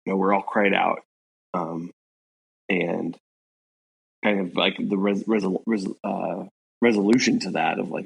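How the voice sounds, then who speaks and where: A congested man co-hosting a podcast, talking through a novel in a thoughtful, halting way with many fillers. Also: on the low side, steady tone, creaky, slightly rough, rough recording. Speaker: podcast co-host. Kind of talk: casual book discussion.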